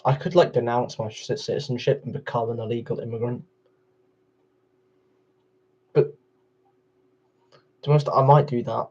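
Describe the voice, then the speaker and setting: A man's voice: mid-range voice, steady tone, moderate pace, long pauses, a little mellow, highs cut off. A man chatting casually on a gaming livestream, arguing back and forth with his chat in a rambling way. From England. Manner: rambling, argumentative replies to chat.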